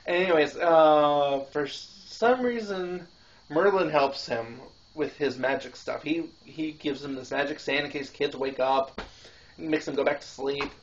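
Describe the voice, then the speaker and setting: A man's voice: fairly high pitch, a little slow, slight background noise. A man hosting a casual film-review show, rambling with lots of fillers and restarts and laughing between thoughts. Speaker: podcast host reviewing films. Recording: dull lo-fi home recording.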